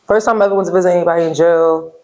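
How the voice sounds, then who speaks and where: Fast-talking Brooklyn woman storyteller. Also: fairly low pitch, poor audio. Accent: New York. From Brooklyn, New York. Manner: animated storyteller, acts out quotes, laughs often. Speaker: guest. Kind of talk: casual interview storytelling.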